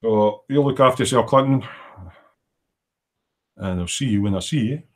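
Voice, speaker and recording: A middle-aged man hosts a livestream from his home workshop, chatting and rambling casually while he works and reading out viewer comments. His voice is mid-range and his pace moderate.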